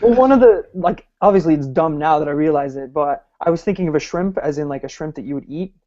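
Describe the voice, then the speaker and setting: A man from Ireland, a podcast guest, with a somewhat high voice who rambles along, full of fillers and self-deprecating asides. The audio is dull and lo-fi. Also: fast, a little mellow. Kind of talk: casual podcast chat.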